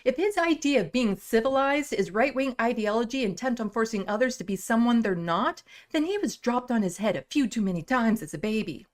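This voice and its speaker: Sarcastic woman news commentator, lively pitch. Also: fairly quick, hardly any pauses. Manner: sarcastic, cutting put-downs. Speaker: host.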